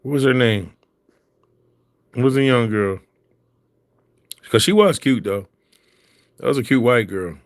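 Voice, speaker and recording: A man's voice: mid-range voice, unhurried, long pauses, no room sound. Philly guy, easy slangy storyteller, dry close sound, mid voice. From Philadelphia. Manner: storytelling, laughs often, slangy. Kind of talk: casual chat.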